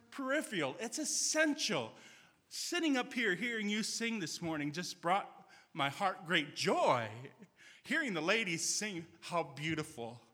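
In a church sanctuary, a man with a very bright voice that sits a little high for a man preaches a sermon. He speaks earnestly, telling stories with quoted dialogue, while long reverb trails after each phrase.

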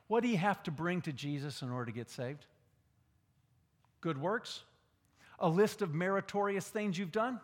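A man preaching a sermon, dramatic, swinging between loud calls and hushed whispers. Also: high voice, moderate pace. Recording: long hall reverb.

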